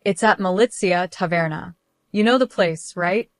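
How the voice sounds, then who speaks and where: A woman's voice: fairly low pitch, moderate pace, no echo, lightly acted. Woman narrator voicing a smug fake-sweet lady, sugary and spiteful, dry close sound. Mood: sugary, mocking. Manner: overly sweet, fake concern. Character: smug spiteful woman, sister-in-law type.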